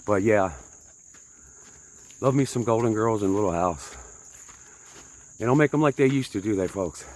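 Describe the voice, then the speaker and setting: A man's voice: fairly low pitch, normal speed, darkish tone, slight background noise. A man rambling to his viewers while hiking uphill on a trail, out of breath and chatty, poking fun at himself and asking the folks watching what to do. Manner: chatty, self-mocking, talks to viewers as folks. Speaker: vlogger.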